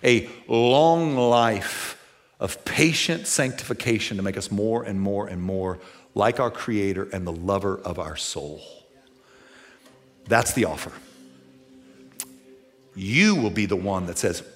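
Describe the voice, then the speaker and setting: A middle-aged man preaching a sermon as pastor, animated, moving from hushed passages to near-shouting. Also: lowish voice, unhurried, long pauses, faint music behind.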